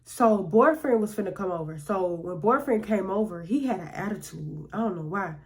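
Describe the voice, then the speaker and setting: A woman vlogger tells a personal story in a casual, slangy, conversational way, often acting out what other people said. Her voice is medium-pitched and expressive, at a moderate pace.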